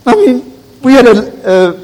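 A man's voice: extremely high pitch, big pitch swings, measured pace, a little mellow. A man, a pastor preaching an impassioned, emphatic sermon in a church. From South Africa. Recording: echoey church hall.

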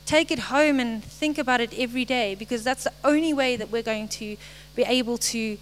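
A young woman giving a short, earnest devotional message, halting now and then and apologizing as she goes. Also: on the high side, slight background noise, rough recording. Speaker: lay speaker.

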